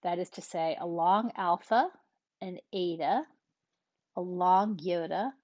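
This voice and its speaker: A woman's voice: fairly low pitch, dry recording, lo-fi sound. Woman teaching, patient step by step, keeps asking right? okay?, dry mic. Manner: patient, explains slowly step by step; frequent checking "right?" and "okay". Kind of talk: recorded classroom lesson.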